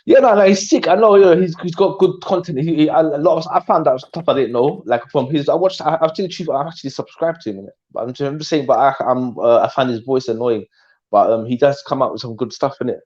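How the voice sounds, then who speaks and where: A man's voice: medium pitch, quick pace, a little mellow. Slangy man, dull lo-fi audio. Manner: slangy, rambling, trails off. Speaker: live stream host. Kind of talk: casual live chat.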